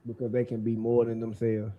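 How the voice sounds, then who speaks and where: A man's voice: mid-range voice, monotone, a little fast, narrow, tinny audio. A man as a guest in a casual conversation, talking loosely and trailing off while he searches for the right words.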